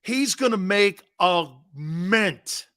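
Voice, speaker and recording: Brash, high, lively male sports host. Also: extremely slow. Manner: brash, animated, opinionated, mocking pundits; laughs at his own points. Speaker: sports talk show host. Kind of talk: live sports radio talk.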